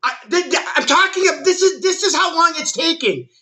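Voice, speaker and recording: High, bright-voiced man ranting. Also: lively intonation, brisk. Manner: exasperated, swearing, many stammered restarts. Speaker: film reviewer. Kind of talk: ranting movie review.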